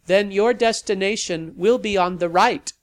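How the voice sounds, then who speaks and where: A man voicing a car navigation system, speaking slowly in an even, mechanical announcing manner. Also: sits high, voice pushed up. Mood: flat. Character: rasping car GPS voice.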